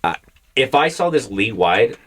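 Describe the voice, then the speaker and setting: A man's voice: medium pitch, very animated, normal speed, fairly bright tone. A young man co-hosting a casual comedy podcast, talking loosely, cursing freely and laughing often. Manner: loose, profane, laughs often, slips into silly voices. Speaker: podcast co-host.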